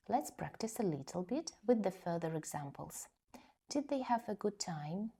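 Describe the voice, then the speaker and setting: A woman teaching an English grammar lesson, explaining slowly and carefully and reading example sentences. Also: fairly low pitch, warm tone, husky.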